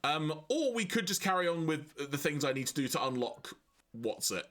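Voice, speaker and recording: A man's voice: fairly high pitch, very animated, moderate pace, a bit bright. A man hosting a game stream, chatting easily, laughing readily and muttering to himself as he plays. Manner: easygoing, laughs readily, mutters while playing. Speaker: streamer host. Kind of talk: casual gaming stream chat.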